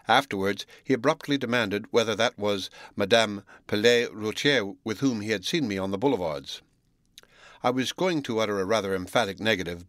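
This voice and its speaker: A man narrates a classic novel in a measured storytelling manner. His voice sits on the low side. The recording is close and dry, with no room sound. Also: a bit bright, no echo. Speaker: audiobook narrator. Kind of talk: scripted narration.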